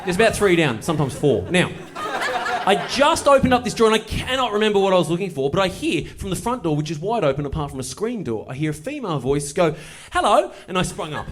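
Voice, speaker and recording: Male stand-up, slightly high voice, deadpan storyteller who spikes into excitement. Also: fast talker. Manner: dry, deadpan delivery that builds to excited bursts. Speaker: stand-up comedian. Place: comedy venue on stage. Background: audience laughter.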